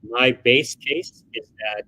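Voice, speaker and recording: A man's voice: medium pitch, slow pace, pushed and bright, low-quality recording. A man hosting a casual livestream, talking through financial figures in a chatty way and thinking aloud as he goes. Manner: chatty, thinking aloud, reads quotes from a report. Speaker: livestream host.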